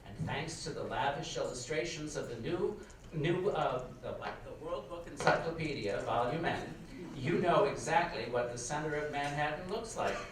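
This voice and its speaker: A man reading his nostalgic story aloud on stage in a large hall, with wry, expressive comic timing. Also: a little high, moderate pace. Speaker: reader, storyteller. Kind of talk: live stage reading of a memoir. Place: large performing arts hall. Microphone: far camera. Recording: echoey hall from far off, faint noise.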